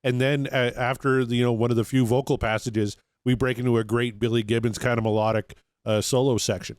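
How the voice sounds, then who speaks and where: An easygoing man hosting a music podcast, chatting and steering the talk. His voice has a middling pitch for a man. It is recorded dry and close. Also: level tone, a little fast, clear, resonant tone, no echo. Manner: easygoing, conversational, leads the talk. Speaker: podcast host. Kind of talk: casual chat about music.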